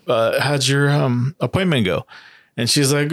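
A man's voice: medium pitch, normal speed. Guy telling his side of the story, laid back, kinda hesitant, says uh and um. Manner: relaxed, hesitant, with fillers and restarts. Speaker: interview guest. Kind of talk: casual storytelling.

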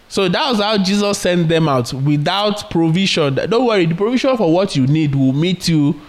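A man's voice: sits high, animated, moderate pace, hardly any pauses. Earnest male preacher. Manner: earnest preaching with rhetorical questions and retold anecdotes. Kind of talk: sermon.

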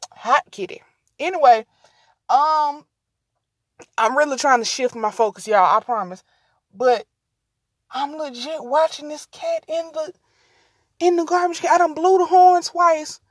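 A woman's voice: high-pitched, a little slow, long pauses, no echo, studio quality. A woman hosting a casual solo podcast, rambling and easily distracted, talking to her listeners as y'all. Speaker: podcast host.

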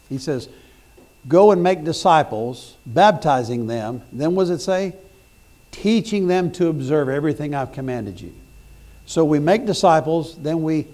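Here a middle-aged male preacher with a slightly high voice delivers a sermon. Folksy anecdotes, complete with repetitions and false starts, give way to loud points pressed home with emphasis.

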